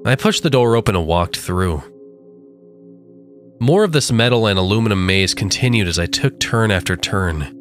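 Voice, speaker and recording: A man reads a horror story aloud in a low, measured voice, taking his time over each line. A faint singing-bowl drone plays behind him. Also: animated, faint music behind. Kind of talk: scripted horror narration.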